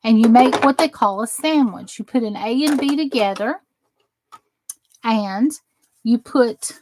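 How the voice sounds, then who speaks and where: A woman's voice: a little high, no echo, rough recording. Chatty Southern woman crafting. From American South. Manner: chatty, rambling, reads chat aloud while working. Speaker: crafting channel host. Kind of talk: casual craft demo and live chat.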